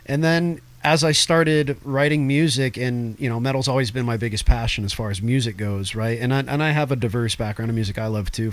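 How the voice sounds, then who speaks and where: Male guest vocalist, mid-pitched, talkative and laughing easily; casual interview. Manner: laughs often, animated and talkative.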